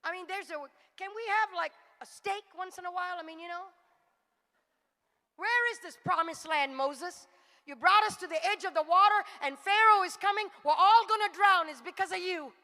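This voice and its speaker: A woman's voice: very high-pitched, normal speed, bright, forceful tone, big-room sound. A woman preacher voicing a grumbling Israelite who complains sarcastically to Moses. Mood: whiny complaining.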